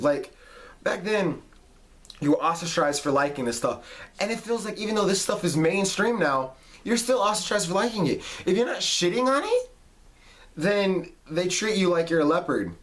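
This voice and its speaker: A man's voice: high voice, fairly bright tone. Heated, profane man ranting. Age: late 20s. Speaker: vlog host. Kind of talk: ranting monologue.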